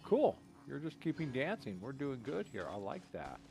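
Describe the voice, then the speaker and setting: A man's voice: medium pitch, wildly swooping pitch, moderate pace, creaky, noisy background. A man casually commenting while playing a game, rambling and hesitant with a self-mocking edge. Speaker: game streamer.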